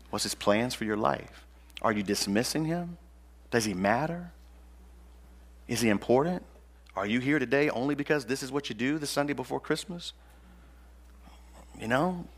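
A man's voice: mid-range voice, a bit bright. A male pastor preaching a sermon in an emphatic, colloquial, slangy manner.

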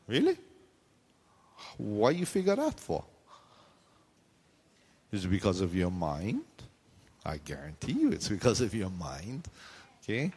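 A man's voice: deep voice, big pitch swings, a little slow, pauses often, darkish tone, husky. A man preaching a sermon as pastor, talking conversationally with joking asides and frequent questions to the congregation. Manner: frequent questions and call-outs to the audience. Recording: long reverb in a hall.

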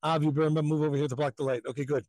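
A man's voice: a little high, rapid-fire, no room sound, low-quality recording. A man from Jerusalem telling a story live as a rabbi, acting out the voices of the people in it. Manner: animated, acts out voices in stories.

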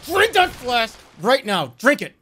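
A man's voice: very high-pitched, huge pitch swings, unhurried, pushed and bright, slight background noise. A man in his thirties streaming a game, ranting and swearing in exasperation as he plays. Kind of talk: live gaming commentary. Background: faint game music.

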